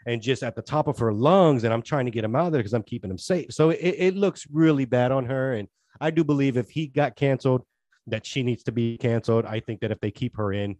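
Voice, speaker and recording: A man's voice: mid-range voice, brisk, darkish tone, no room sound. Earnest rambling male podcast co-host. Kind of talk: casual chat.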